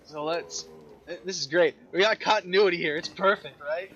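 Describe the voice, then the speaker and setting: A man's voice: a little high, moderate pace, a bit bright, muffled recording. A man reading game dialogue aloud and joking around while he plays. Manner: playful, jokey, does character voices. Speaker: gaming co-host. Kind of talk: casual let's play, reading dialogue aloud.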